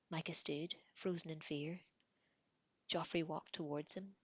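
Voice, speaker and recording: Seorang perempuan membacakan novel dengan suara lembut dan pelan. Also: female voice, sits low, steady tone, a little slow, breathy edge, no echo. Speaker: reader. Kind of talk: reading a novel aloud.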